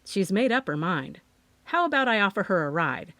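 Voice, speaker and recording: A woman's voice: mid-range voice, big pitch swings, moderate pace, bright, forceful tone, no room sound. A woman doing a concerned young male friend. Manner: concerned, easygoing. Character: protective young man, close friend.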